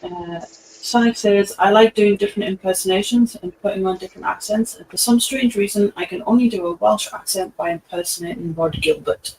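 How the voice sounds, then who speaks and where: A man's voice: high-pitched, fairly quick, darkish tone, a little hiss or hum, rough recording. A man co-hosting a casual livestream, reading viewer comments aloud with frequent chuckles. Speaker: co-host reading viewer chat.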